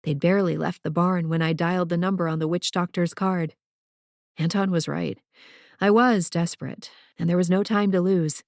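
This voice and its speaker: Low-voiced woman narrating a novel. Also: fairly even intonation, moderate pace, vocal fry, darkish tone, dry recording, clean studio sound. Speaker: audiobook narrator. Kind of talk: first-person fiction narration.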